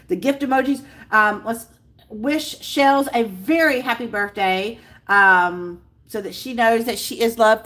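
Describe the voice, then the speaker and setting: A woman's voice: medium pitch, sharp tone. A woman hosting a casual livestream, bubbly and gushing as she greets viewers by name. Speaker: livestream host. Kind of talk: casual live chat with viewers.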